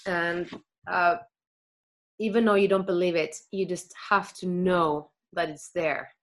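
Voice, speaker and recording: Woman, lowish voice, halting then earnest, candid conversation. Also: steady tone. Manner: halting, searching for words, then earnest and reassuring. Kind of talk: candid conversation about grief.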